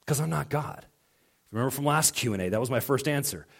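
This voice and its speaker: A middle-aged man preaching to his congregation in a relaxed, conversational way. He moves through personal stories and plays out both sides of remembered conversations. His voice sits at an ordinary male pitch. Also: fairly quick, vocal fry. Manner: conversational storytelling with quoted dialogue. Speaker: pastor. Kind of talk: sermon.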